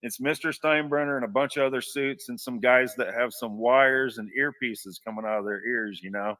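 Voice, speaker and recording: A man spins a long personal yarn with a bright, edgy tone. He restarts often and drifts into asides. His voice sounds a little distant from the microphone. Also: mid-range voice, normal speed. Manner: rambling anecdotal telling with many restarts. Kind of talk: casual storytelling.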